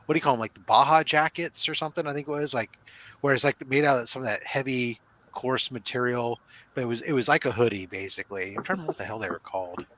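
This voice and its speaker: A man's voice: mid-range voice, quick pace, fairly bright tone, a little hiss or hum. A middle-aged man hosting a casual live stream, telling easygoing, rambling stories. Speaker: host.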